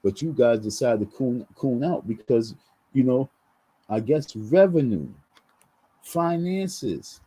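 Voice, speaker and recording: A man's voice: mid-range voice, lively intonation, takes it slowly, warm tone, slightly rough, low-quality recording. A man venting in a heated, repetitive rant on his vlog, full of restarts and slang. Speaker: vlogger.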